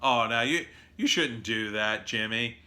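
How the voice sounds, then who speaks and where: A man voicing a soft-spoken, earnest therapist who lectures gently. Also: mid-range voice, unhurried. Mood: lecturing.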